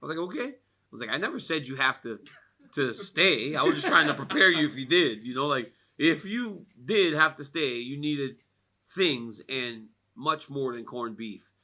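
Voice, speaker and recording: This American man speaks at a fight media day in a medium pitch and at a moderate pace. He's an animated storyteller who laughs frequently and fills his talk with "like."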